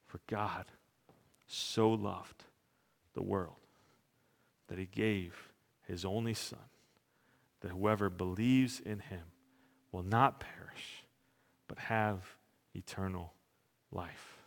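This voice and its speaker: A man's voice: low voice, fairly even intonation, takes it slowly, gravelly, long pauses. A middle-aged man preaching a sermon in an earnest, fervent way. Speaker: pastor. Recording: reverberant hall.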